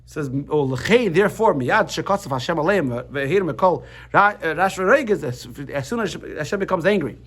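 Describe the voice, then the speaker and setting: A man teaching a lively class, switching quickly between explanation and jokes. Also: fairly high pitch. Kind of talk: animated class lesson.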